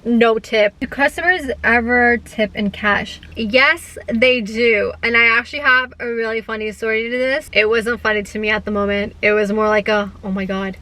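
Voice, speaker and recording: A woman's voice: fairly high pitch, normal speed, hardly any pauses, poor audio. A young woman, chatting casually to camera as a vlogger and filling her talk with "like" while telling stories with animation. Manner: chatty, heavy use of "like" fillers; animated storyteller. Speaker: gig-work vlogger.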